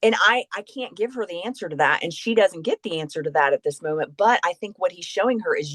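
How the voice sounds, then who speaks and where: A woman guest on a podcast, chatting casually about faith and telling a story in a lively way, acting out the voices of the people she quotes. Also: on the low side, fast talker, hardly any pauses, no room sound, clean studio sound.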